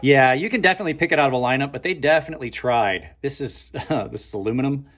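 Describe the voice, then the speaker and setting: A man's voice: mid-range voice, quick pace, a bit bright. A man hosting a casual knife unboxing vlog, talking to his viewers as he opens packages, thinking aloud and trailing off mid-sentence, with dry sarcastic asides. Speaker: knife reviewer and channel host.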